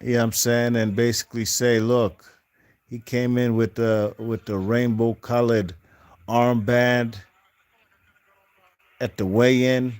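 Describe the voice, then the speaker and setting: A man's voice: mid-range voice, little pitch movement, slow, long pauses, darkish tone, clean tone. A man hosting a boxing channel, giving casual post-fight commentary in a rambling, slangy way with lots of fillers and restarts. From not from the UK.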